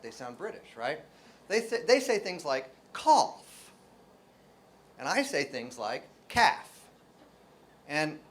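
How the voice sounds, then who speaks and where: An American man from New Jersey lecturing as a linguistics professor, with a voice pitched a little above most men's. He keeps the audience engaged with jokes and rhetorical questions and sounds out example words one by one. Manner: lively, joking, full of rhetorical questions to the audience. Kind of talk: academic lecture to a live audience.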